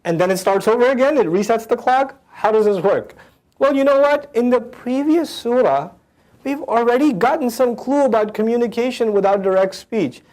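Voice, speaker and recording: A man with a high-pitched voice teaches scripture line by line. He rattles off Arabic verses fast, then slows into casual, conversational English explanations. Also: darkish tone. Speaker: Quran teacher.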